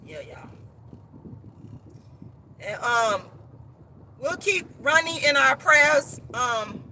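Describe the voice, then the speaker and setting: A woman's voice: high voice, expressive, very slow, bright, forceful tone, slight background noise. A woman author and activist speaking straight to her viewers in an impassioned live-stream monologue, emphatic and preachy, repeating words as she gets worked up. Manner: speaks directly to viewers as "y'all".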